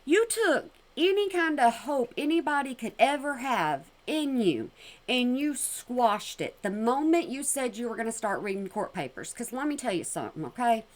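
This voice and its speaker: A woman giving sassy, mocking commentary on a clip, with a twang and sudden loud outbursts. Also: fairly high pitch, sing-song, moderate pace. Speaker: commentary vlogger reacting to a clip. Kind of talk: casual commentary.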